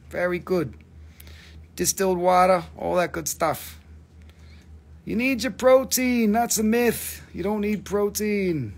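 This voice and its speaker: A man hosting a casual live stream that sells crystals, joking, rambling and swearing as he talks. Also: a little high.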